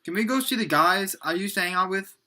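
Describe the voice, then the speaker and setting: A man's voice: high-pitched, very animated, moderate pace, pushed and bright, breathy edge, pitched above the performer's own voice, full character voice. A man reading as an eager young tiger hybrid.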